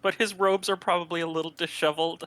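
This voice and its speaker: A man's voice: high voice, fairly even intonation, fast talker, fairly bright tone. A man playing a tabletop game, laughing and describing his party in loose, casual talk. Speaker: player. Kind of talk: tabletop role-play chat.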